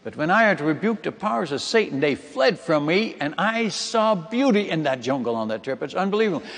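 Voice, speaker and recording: A man's voice: a little high, very animated, brisk, a bit bright. A man from the Netherlands, a missionary preacher telling a dramatic testimony in a sermon and speaking directly to his listeners. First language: Dutch. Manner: emphatic, dramatic retelling that addresses the audience as friends and folks. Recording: reverberant hall.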